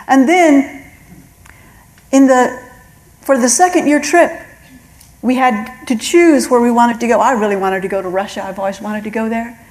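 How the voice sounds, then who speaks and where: A woman's voice: a little high, a little mellow, low-quality recording. Earnest middle-aged woman sharing testimony. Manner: earnest storytelling, acting out voices of God and callers. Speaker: testimony speaker. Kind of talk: spoken testimony.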